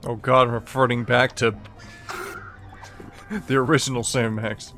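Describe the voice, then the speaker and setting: A man's voice: mid-range voice, level tone, slow, pushed and bright, soft background music. Give me a wry man commenting casually on gameplay. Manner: wry, offhand remarks with chuckles. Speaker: let's play host.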